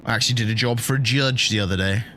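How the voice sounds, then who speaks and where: A middle-aged man talks casually over a game, rambling, joking and laughing at his own stories. His pitch sits in an everyday middle range. A faint hum of truck engine and game ambience runs underneath. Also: rapid-fire, bright, forceful tone. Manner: chatty, jokey, laughs often, banters with chat. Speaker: streamer playing a truck game. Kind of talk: casual live-stream chat.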